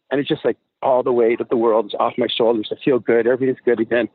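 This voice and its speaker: Fast, animated male storyteller over a dry, tinny phone line. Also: medium pitch, husky, no echo. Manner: animated storyteller, acts out voices. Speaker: guest promoter. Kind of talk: telling a story on a podcast.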